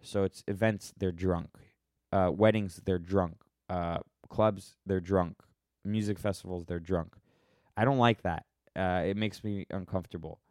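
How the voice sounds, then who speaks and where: A man's voice: low-pitched, fairly even intonation, a little slow, a little mellow, no room sound, clean studio sound. An American man hosting a casual solo podcast, rambling and wry as he stops and restarts his thoughts while answering listener questions. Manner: rambling, self-interrupting, wry.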